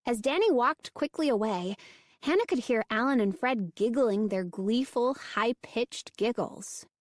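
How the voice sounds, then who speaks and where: A woman reading a spooky children's novel aloud, steady and measured. Her voice sits a little high, and she takes her time. The recording is close and dry. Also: no echo. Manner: measured storytelling. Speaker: audiobook narrator. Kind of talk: scripted narration.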